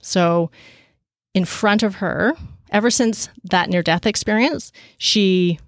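A woman telling a story casually and with energy, with many fillers, and raising her pitch to act out the people she quotes. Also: slow, no room sound, studio quality. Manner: animated, acts out quoted voices at a higher pitch.

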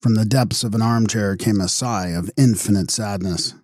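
A man narrating an audiobook in a measured, wry tone. His voice sits low, and the recording is close and dry with no room echo. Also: darkish tone.

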